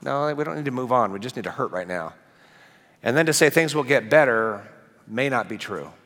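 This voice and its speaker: Animated male pastor preaching in a reverberant hall. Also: mid-range voice, fairly quick. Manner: conversational, animated, asks the congregation questions. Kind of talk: sermon. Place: church sanctuary.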